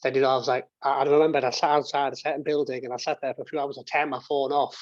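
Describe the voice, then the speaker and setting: Speaking rapid-fire at a medium pitch with little pitch movement, this thirties-aged man rambles through a personal story as an interview guest, restarting and cursing as he goes. He's on a video call from his home office and games room, and the lo-fi audio has no room sound.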